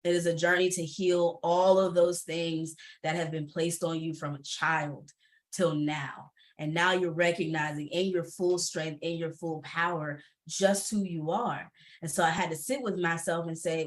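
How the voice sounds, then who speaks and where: A woman from the Atlanta area, an entrepreneur and former teacher, speaks on a candid panel over a video call. Her fairly low voice moves at a moderate pace, and she's lively and emphatic, laughing a lot and repeating points for emphasis.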